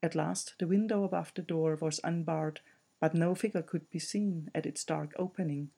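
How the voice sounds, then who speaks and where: A man reading a fantasy novel aloud as an audiobook narrator, in a measured way. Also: on the high side, fairly even intonation, creaky, mellow, slightly rough. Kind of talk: scripted narration.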